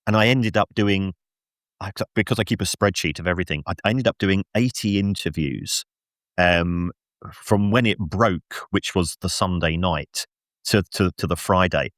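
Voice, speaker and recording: A middle-aged man, a football finance expert guest on a podcast, telling an animated story with lots of restarts and self-mocking laughs. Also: deep voice, moderate pace, no room sound, studio quality. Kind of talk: casual podcast anecdote and analysis.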